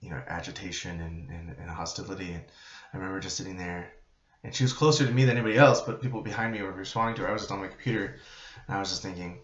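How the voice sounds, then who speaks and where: Fast-talking man lecturing in an echoey room. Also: low-pitched, fairly bright tone. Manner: conversational, frequent fillers and tag questions. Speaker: psychiatric nurse instructor. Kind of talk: informal lecture to students. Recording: roomy, dull lo-fi recording.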